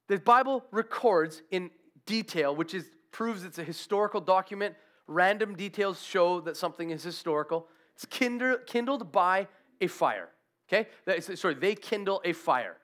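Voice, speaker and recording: A man preaching a sermon, telling a Bible story with animated, acted-out quotes. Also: high voice. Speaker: pastor.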